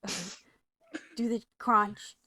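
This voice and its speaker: A woman's voice: fairly high pitch, little pitch movement, slow pace, sharp tone. A woman guest on a casual livestream, bubbly and giggly, reading viewer comments aloud. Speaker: guest co-host.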